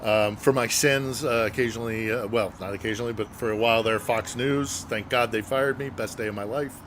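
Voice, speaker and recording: A man's voice: mid-range voice, steady tone, fairly quick, a bit bright, a little hiss or hum. A middle-aged man, a journalist guest, telling a story casually and earnestly, with many fillers and hesitations.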